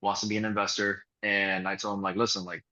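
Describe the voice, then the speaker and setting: A man's voice: lowish voice, little pitch movement, fast, pushed and bright, dull audio. A man who works as a real estate closer, telling profane, swaggering stories on a casual group video call and acting out the people in them.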